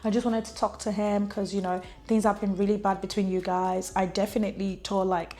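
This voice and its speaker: A woman's voice: medium pitch, flat delivery, fairly quick, mellow, natural voice. A woman voicing a well-meaning, meddling middle-aged mother who speaks hesitantly. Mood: earnest.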